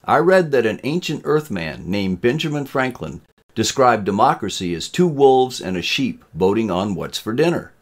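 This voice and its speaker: A man's voice: mid-range voice, sing-song, pitched above the performer's own voice. A man voicing an opinionated young female student who states her views firmly. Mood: assertive. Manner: firm, quick to object.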